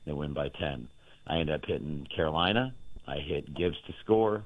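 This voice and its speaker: A very deep-voiced man tells long, boastful stories about his betting picks. He rambles and circles back as he talks. His voice comes through a thin, tinny phone line with a dry sound. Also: lively intonation, normal speed, no echo. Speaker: sports betting handicapper. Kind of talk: casual chat on a show.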